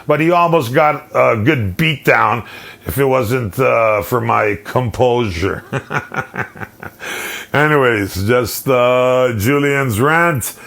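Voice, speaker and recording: A male podcast host telling an animated, profane story in a solo rant. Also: medium pitch, gravelly.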